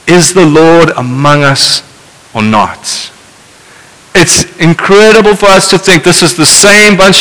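A man's voice: high-pitched, pushed and bright. Male preacher, casual and wry, reverberant hall. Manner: conversational, wry asides. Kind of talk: sermon with scripture reading.

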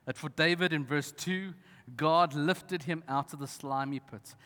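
A man in his thirties, a pastor, preaching a sermon with passion, slowing down for emphasis and swinging from loud to soft. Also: on the high side. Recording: reverberant church hall.

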